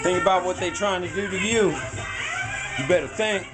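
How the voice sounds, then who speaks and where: A man giving a motivational rant as a home cook vlogger, shouting, whooping and half singing his lines. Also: high-pitched, fairly even intonation, moderate pace, loud music behind the voice. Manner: shouting, whooping, sing-song preaching.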